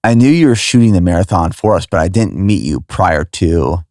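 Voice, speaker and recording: A man with a very deep voice hosts a podcast. He asks short questions and looks back on memories in a reflective way. His voice is dry and close to the mic. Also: lively intonation, normal speed, darkish tone, no room sound. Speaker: podcast host. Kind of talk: casual conversation.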